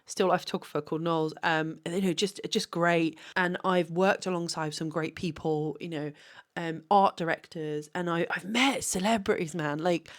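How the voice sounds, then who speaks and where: A woman's voice: lowish voice, fairly even intonation, moderate pace. A tired woman and photographer, talking candidly late at night, rambling with many restarts and laughs.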